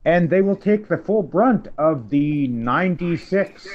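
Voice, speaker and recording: A man playing in a tabletop game, explaining spells and rules in a measured way. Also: a little high, animated. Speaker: player. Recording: dull lo-fi mic.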